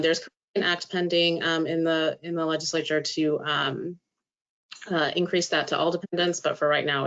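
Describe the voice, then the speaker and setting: A woman presenting legal information in a webinar, explaining at length and filling pauses with "um". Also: low voice, gravelly, fairly bright tone. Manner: explanatory, many filler "um"s. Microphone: video call. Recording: dull lo-fi call audio.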